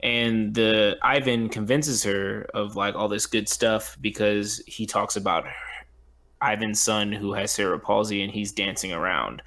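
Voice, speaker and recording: A man co-hosting a podcast talks through a film in easy, unhurried chat. His speech is loose and full of slang. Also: on the low side, fairly even intonation, a bit bright. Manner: laid-back, loose slangy talk. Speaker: podcast co-host. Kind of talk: casual chat recapping a film.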